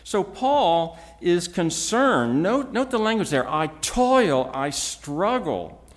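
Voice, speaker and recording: Slow, lively-pitched male preacher. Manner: measured, emphatic teaching with frequent restarts. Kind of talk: expository sermon.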